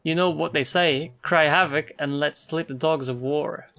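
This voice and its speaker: A woman's voice: low voice, normal speed, faint music behind. A woman voicing game dialogue for a stubborn, paranoid male coworker who boasts about his cubicle fort. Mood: boastful. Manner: gruff, boastful, deadpan.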